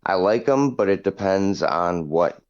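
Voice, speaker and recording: Brief: very low-voiced man co-hosting a podcast, jokey, slightly muffled sound. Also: lively intonation. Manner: chatty, jokey, quick to laugh. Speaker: podcast co-host. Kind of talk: casual chat.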